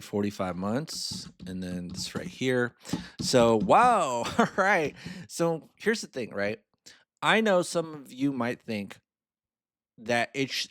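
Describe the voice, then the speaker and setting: A man's voice: mid-range voice, no echo. Chatty man explaining loan math, close and dry. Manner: rambling, self-amused, chuckles often. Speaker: finance mentor. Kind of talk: casual screen-share walkthrough.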